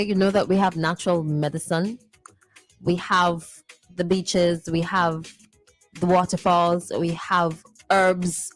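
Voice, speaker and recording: A woman hosting a morning radio show, playfully reading listener messages and teasing them. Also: fairly low pitch. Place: radio studio.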